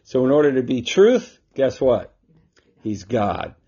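A man's voice: mid-range voice, very animated, measured pace, mellow, husky. A man hosting a casual Scripture teaching talk from his home, emphatic and often checking in with a rhetorical "right?". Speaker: host and Bible teacher. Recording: dull lo-fi recording.

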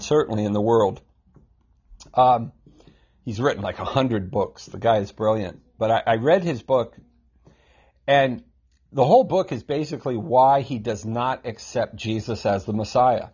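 A man teaching scripture in a casual, animated way, acting out quotes and chuckling often, on a slightly muffled recording. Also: medium pitch, slightly rough. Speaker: Bible teacher.

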